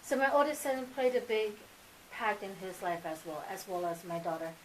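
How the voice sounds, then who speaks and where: A mother speaking as an interview guest, telling family stories in a casual, animated way and acting out remembered dialogue. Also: medium pitch, normal speed, a little hiss or hum, low-quality recording. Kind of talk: casual sit-down interview storytelling.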